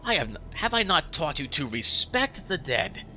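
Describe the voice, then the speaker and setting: A man voicing a sly, scheming man on a crutch, talking slow, oily and threatening. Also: a little high, sing-song, pushed and bright, highs cut off, soft background music, voice pushed up, heavily acted. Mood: smooth.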